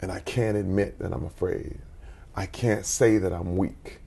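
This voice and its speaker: Man guest in his 40s, raspy gravelly voice, lively storyteller who acts out the dialogue. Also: unhurried. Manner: animated storyteller, acts out quotes with big pitch jumps. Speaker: interview guest. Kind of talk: conversational storytelling.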